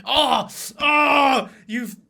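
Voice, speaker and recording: A man's voice: very high-pitched, drawn-out words, vocal fry, bright, forceful tone, voice pushed up, heavily acted. A man putting on the voice of an overwrought, melodramatic woman, with a mocking, exaggerated crying outburst. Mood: theatrical anguish.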